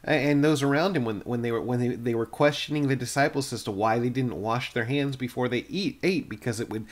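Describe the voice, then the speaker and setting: A man's voice: mid-range voice, brisk. A middle-aged male pastor giving a plain-spoken, earnest devotional sermon, often restarting his phrases.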